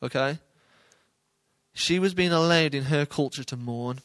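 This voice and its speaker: A man's voice: fairly high pitch, a little slow, fairly bright tone, clean tone. A man giving informal Bible teaching in a conversational way, often checking in with his listeners. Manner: conversational, questioning the audience.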